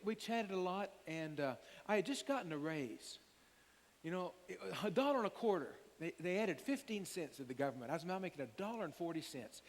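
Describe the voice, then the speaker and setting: An older man preaching a sermon as pastor, an animated storyteller who acts out the quotes. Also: a little high. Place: church sanctuary. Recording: long hall reverb, faint hiss.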